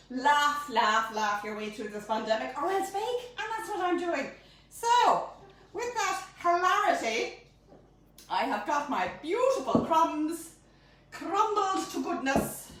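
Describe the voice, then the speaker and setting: Bubbly woman, echoey phone video. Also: high voice. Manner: bubbly, chatty and animated. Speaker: home baking host. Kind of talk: live-streamed cooking demonstration. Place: home kitchen. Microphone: phone camera held by a helper at a distance. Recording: echoey room, phone mic from far off.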